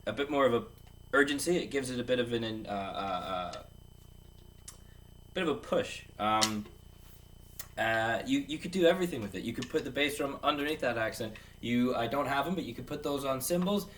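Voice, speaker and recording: A man's voice: mid-range voice, expressive, moderate pace, a bit bright. A man teaching a casual drum lesson, rambling and joking as he counts beats aloud. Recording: distant mic with clear background noise.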